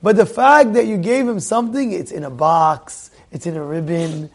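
A man giving a sermon as a rabbi, animated, acting out little dialogues and repeating phrases. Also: sits high, moderate pace. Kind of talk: sermon with storytelling.

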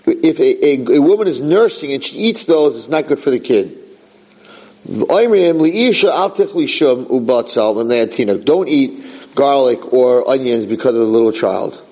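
Animated man teaching a Torah class. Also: moderate pace, low-quality recording. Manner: animated, acts out quotes with sudden high outbursts; mixes in Hebrew phrases.

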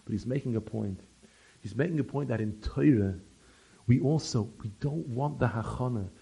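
A man giving an animated Torah talk, telling stories and mixing Yiddish and Hebrew terms into his English. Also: mid-range voice, normal speed, creaky, husky. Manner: animated storyteller who acts out the people he quotes. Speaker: Torah teacher.

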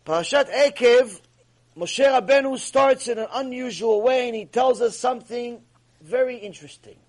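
A man teaching a Torah class, telling stories in an animated way and acting out the people in them. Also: extremely high pitch, normal speed. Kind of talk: Torah lecture with storytelling.

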